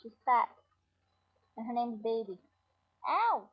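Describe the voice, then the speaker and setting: Woman, giggly home vlog, profane chatter, slow talker, breathy voice, muffled lo-fi webcam sound. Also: on the high side, sing-song. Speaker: vlogger. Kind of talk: rambling casual webcam chat. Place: at home indoors. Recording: dull lo-fi webcam audio.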